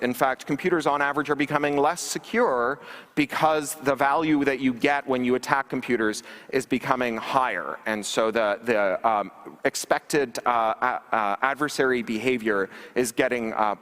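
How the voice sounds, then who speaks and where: A man's voice: medium pitch, moderate pace, fairly bright tone. A man giving a conference keynote talk, wry and sarcastic, with frequent ums and restarts. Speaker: conference speaker. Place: large conference hall stage. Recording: long reverb of a large hall.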